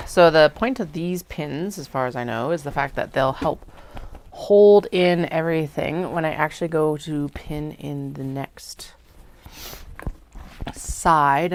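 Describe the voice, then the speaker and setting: A woman with a low, gravelly voice chats casually to the camera as she sews, often dropping into mutters and half-whispers to herself. A faint hiss of background noise sits under her voice, with a sewing machine running at times. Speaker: sewing vlogger. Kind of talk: casual talk while sewing.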